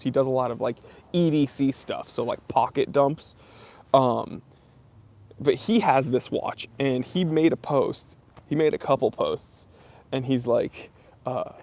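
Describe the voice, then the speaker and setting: A man's voice: medium pitch, moderate pace, vocal fry, darkish tone. A young man hosting a casual live stream Q&A, reading viewer comments aloud and chatting with lots of fillers. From near New York.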